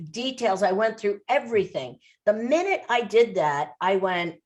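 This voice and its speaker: Woman, podcast guest, emphatic, animated, repeats for emphasis, mid pitch. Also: normal speed, few pauses. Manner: emphatic, animated storytelling with repetition. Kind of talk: interview.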